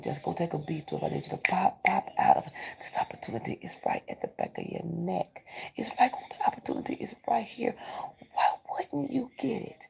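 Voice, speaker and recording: A woman's voice: deep voice, creaky, mellow, breathy edge, low-quality recording. A woman giving a spiritual card reading, talking urgently like a preacher and often dropping into a whisper. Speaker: tarot reader.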